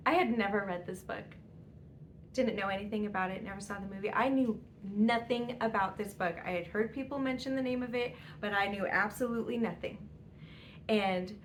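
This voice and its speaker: A woman's voice: medium pitch, slight background noise. A woman vlogger chatting casually about books, rambling and laughing often. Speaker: book vlogger. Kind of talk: casual book tag chat.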